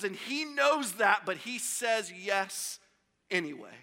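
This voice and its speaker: Pastor, male, high and very bright voice, emphatic sermon delivery in a church with long hall reverb. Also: very animated, slow pace. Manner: emphatic and repetitive, swinging from loud builds to hushed drops. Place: church sanctuary.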